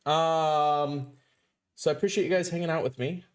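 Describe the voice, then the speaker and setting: A man's voice: fairly high pitch, a little fast, clear, resonant tone. A man hosting a casual game live stream, upbeat and chatty as he greets viewers by name.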